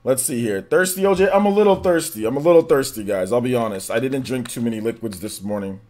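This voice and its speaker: A man's voice: mid-range voice, fast talker. Casual male gaming streamer greeting chat. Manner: casual, energetic shout-outs to chat. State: voice still recovering, slightly worn.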